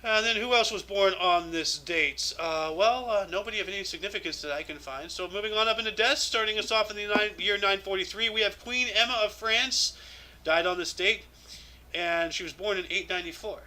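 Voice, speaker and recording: A man with a high, piercing voice runs through a history calendar in casual, off-the-cuff commentary. He is irreverent and swears freely, musing aloud between entries. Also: brisk, pushed and bright, low-quality recording. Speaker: host reading a daily history calendar.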